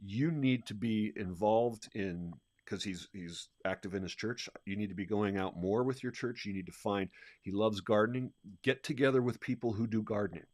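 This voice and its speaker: Energetic man coaching in conversation. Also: fairly low pitch, normal speed, hardly any pauses, no echo. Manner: energetic, animated storyteller with frequent restarts. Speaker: leadership coach and co-host. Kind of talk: conversational podcast discussion.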